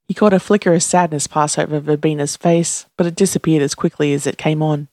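A narrator reading a story aloud in a steady, even voice, doing every character themself. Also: medium pitch, fairly quick, few pauses, no echo, clean studio sound. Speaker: audiobook narrator.

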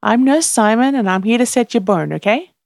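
A woman voicing a cheerful young nurse who talks brightly and briskly while she works. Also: on the high side, animated, vocal fry, dry recording, studio quality, pitched above the performer's own voice. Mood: friendly.

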